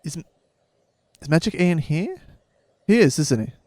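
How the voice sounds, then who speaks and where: A man's voice: on the high side, animated, a little slow, dark tone, dry recording, clean studio sound. A man co-hosting a casual book podcast, rambling and joking with lots of fillers, with a slight head cold. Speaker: podcast co-host.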